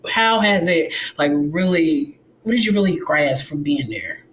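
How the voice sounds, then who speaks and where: A woman's voice: deep voice, animated, slight background noise. A woman host asking interview questions, stopping and restarting as she feels for the wording. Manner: halting, restarts her questions. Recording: roomy echo.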